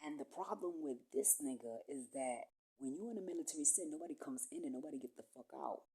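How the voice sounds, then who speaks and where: A woman in a casual, rambling monologue, talking in a profane, streetwise way that swings between low murmurs and sudden loud bursts. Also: a little fast, breathy edge, low-quality recording. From small town.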